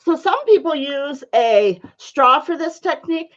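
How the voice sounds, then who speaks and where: A woman's voice: high voice, expressive, a little slow. Chatty woman painting on a live stream. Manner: chatty, friendly, many fillers, greets viewers by name. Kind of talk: casual live-stream chat while painting. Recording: dull lo-fi stream audio.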